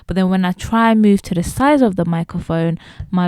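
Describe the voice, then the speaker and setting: A woman talking straight to her viewers as she reviews a microphone, explaining each feature clearly, recorded close on a studio mic in a room at home. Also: fairly low pitch, fairly quick, darkish tone, dry recording. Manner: explanatory, addresses viewers directly. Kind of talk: casual product review. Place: indoor room. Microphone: close studio dynamic microphone.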